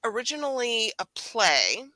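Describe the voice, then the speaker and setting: A woman's voice: on the high side, very animated, unhurried, pushed and bright, no echo, low-quality recording. Woman, host, casual movie talk, dry close sound, chatty. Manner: chatty, swears, trails off with fillers. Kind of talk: casual movie review chat.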